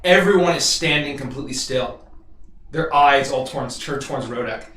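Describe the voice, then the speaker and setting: A man acting as game master, narrating a tabletop game in a vivid, halting descriptive way. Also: medium pitch, fairly bright tone. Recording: roomy echo, distant mic, faint music.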